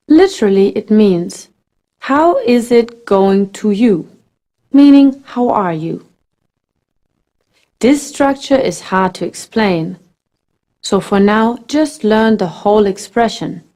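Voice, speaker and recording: A woman teaching a scripted language lesson at a very slow, deliberate pace. Her voice is mellow and warm, and her pitch moves a lot as she models each phrase with careful enunciation.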